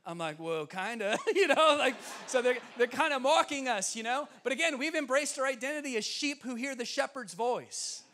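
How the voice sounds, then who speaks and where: A young man preaching from a church stage, his voice high and bright. He tells stories with bursts of laughter and plays the voices of the people in them. Both delivery and tone stay animated throughout. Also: normal speed, hardly any pauses, a little hiss or hum. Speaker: guest preacher. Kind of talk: sermon storytelling. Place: church sanctuary.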